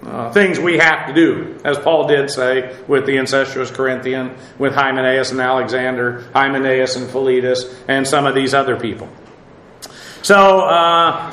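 A pastor giving expository Bible teaching, speaking in a measured way with many pauses and fillers and spelling out Greek words letter by letter. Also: male voice, medium pitch, fairly bright tone, echoey room, poor audio.

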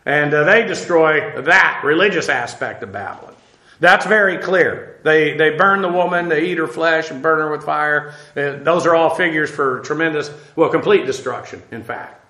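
Man, informal Bible teacher, slightly high voice, echoey room. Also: normal speed, sharp tone. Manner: informal, many fillers, spells out Hebrew words. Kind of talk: verse-by-verse Bible lesson.

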